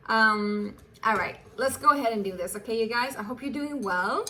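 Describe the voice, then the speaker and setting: A woman's voice: on the high side, normal speed, background noise. Chatty woman giving a tarot reading. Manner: chatty, affectionate, laughs often, restarts phrases. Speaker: tarot reader. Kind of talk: casual tarot reading to camera.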